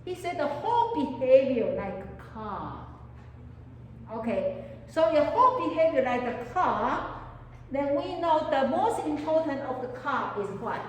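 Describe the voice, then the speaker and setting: A woman's voice: sits high, very animated, unhurried, a little hiss or hum. Woman lecturing in an echoey hall. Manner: questions the class often, answering her own prompts; non-native English phrasing. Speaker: counseling lecturer. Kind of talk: classroom lecture. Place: lecture room with students. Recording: echoey hall, mic far off.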